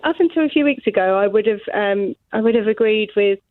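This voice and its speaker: A woman's voice: medium pitch, brisk, no room sound. A woman calling in to a radio show, chatty and a little nervous, laughing as she talks. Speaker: caller. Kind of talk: phone-in call. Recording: tinny phone line.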